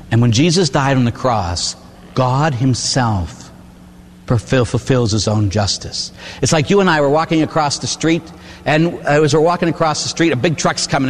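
Older priest preaching in an echoey hall. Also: male voice, mid-range voice, normal speed, slight background noise. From Pittsburgh, USA. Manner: animated storytelling, acts out quoted voices, tag questions "huh?". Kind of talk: preaching on confession. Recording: echoey hall with long reverb.

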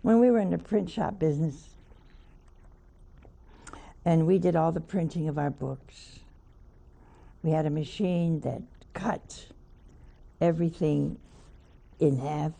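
A woman's voice: low-pitched, takes it slowly, gravelly, long pauses, warm tone. An older woman, a nun, preaching a sermon by telling a homely story with wry asides.

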